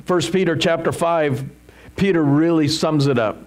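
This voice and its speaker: A man preaching a sermon as pastor, emphatic and animated, full of rhetorical questions. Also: on the high side, moderate pace.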